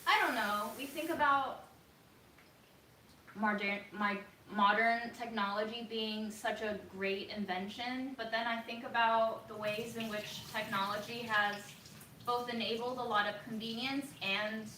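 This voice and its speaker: A woman vlogging casually from her home kitchen, talking in a soft, reflective way with many pauses and ums. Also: a little high, fairly even intonation, slight background noise. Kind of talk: casual livestream chat. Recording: roomy echo.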